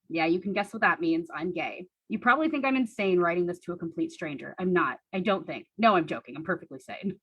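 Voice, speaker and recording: Young woman, husky, dry close sound, deadpan diary reading with wry asides. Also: on the low side, no room sound, low-quality recording. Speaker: storyteller reading her teenage diary on stage. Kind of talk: comic reading of childhood diary.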